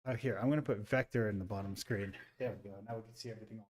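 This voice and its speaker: A man on a live stream, chatting casually to viewers as he sets up a small robot, getting excited and talking through every step. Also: fairly low pitch, racing. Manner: excitable, talks to viewers while fiddling with a robot. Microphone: computer mic, second mic added.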